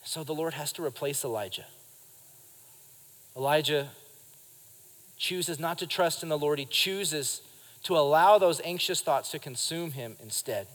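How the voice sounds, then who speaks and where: A man preaching a sermon at a live church service, lively and speaking straight to the congregation. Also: on the high side, measured pace, long pauses, big-room sound. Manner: lively preaching, acts out quotes and addresses the congregation. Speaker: pastor.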